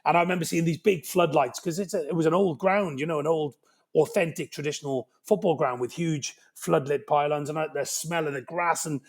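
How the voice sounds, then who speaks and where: Welsh man, 50s, Cardiff accent, lively raised-voice storyteller, podcast guest. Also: fairly high pitch, brisk. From Wales. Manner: animated, lively anecdote-telling with frequent "right?".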